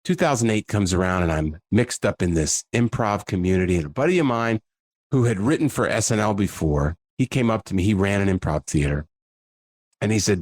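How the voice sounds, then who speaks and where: Lively, deep-voiced male storyteller. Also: brisk, dry recording, studio quality. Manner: lively storyteller, slips into voices, self-deprecating. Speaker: comedian and impersonator guest. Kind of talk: animated storytelling in a podcast interview.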